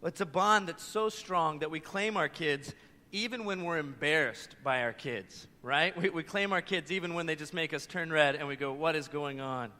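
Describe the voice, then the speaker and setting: A man in his thirties preaches with a high, bright, ringing voice and tells lively stories. The sound carries a long echo from a church hall. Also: normal speed. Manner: animated storytelling with voiced quotes. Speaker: pastor. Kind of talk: sermon.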